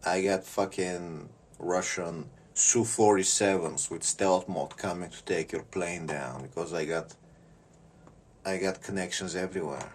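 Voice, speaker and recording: A man giving a rambling comedic monologue. He repeats words and often clears his throat. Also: low voice, a little slow, far from the mic, a little hiss or hum.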